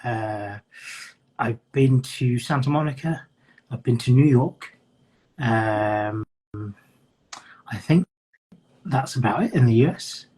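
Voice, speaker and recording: Speaking slowly with frequent pauses, this man has a mid-range, dark, slightly rough voice. He's a podcast host from North London whose well-traveled English accent mixes London with traces of the Midlands. Over a video call he chats casually as if on a live stream, telling stories and acting out quoted voices.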